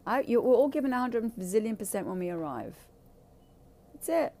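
A woman's voice: fairly high pitch, expressive, fast talker, dark tone. A woman speaking candidly in a blunt, profane and emphatic way. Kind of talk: candid casual talk.

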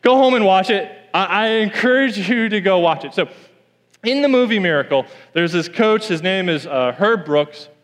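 A man's voice: sits high, lively intonation, normal speed, a bit bright, big-room sound. A man preaching a sermon in a church, telling a story and repeating key lines for emphasis.

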